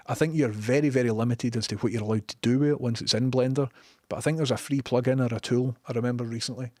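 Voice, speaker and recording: Streaming live, this sweary Glaswegian man speaks in a medium-pitched, slightly mellow voice, chatty and opinionated in casual live-stream chat. The recording is dry and clean, with studio sound.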